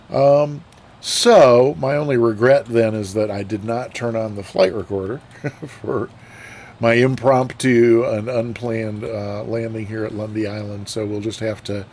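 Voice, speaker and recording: A man's voice: medium pitch, a little mellow, a little hiss or hum. A man streaming a flight sim, chatting casually with viewers, rambling with fillers and restarts. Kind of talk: casual live-stream chat.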